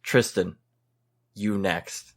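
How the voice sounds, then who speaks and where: A man's voice: deep voice, fairly even intonation. A man hosting a casual gaming podcast, playful and joking, teasing his co-hosts. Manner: playful, joking, quick to tease. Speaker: podcast host.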